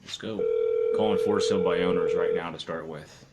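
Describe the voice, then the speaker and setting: A man's voice: low-pitched, steady tone, a little fast, heavy background noise. A man doing real estate cold calls on a live stream, chatting casually to his viewers between dials.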